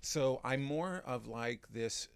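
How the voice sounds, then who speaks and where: A man, a magician and stand-up comic, talking in a relaxed interview, restarting sentences as he thinks. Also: mid-range voice, slow pace, gravelly, clean tone, no room sound. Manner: chatty, with frequent restarts and fillers. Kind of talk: interview conversation.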